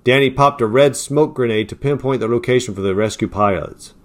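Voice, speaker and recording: A man reading a war story aloud as narrator, in a plain storytelling manner. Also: a little fast. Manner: raises pitch and volume for quoted lines, drops low and quiet for tags.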